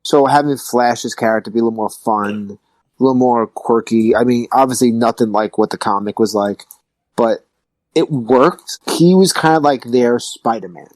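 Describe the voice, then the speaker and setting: A man's voice: mid-range voice, normal speed, darkish tone, no room sound. A man hosting a podcast in casual chat, joking and swearing freely. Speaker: podcast host.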